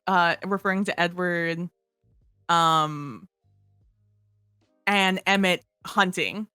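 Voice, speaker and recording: A young woman co-hosting a podcast in casual book-club chat, animated, reading out quotes with wry asides. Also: on the low side, takes it slowly, long pauses, clean tone, no echo, studio quality, faint music behind. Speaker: podcast co-host.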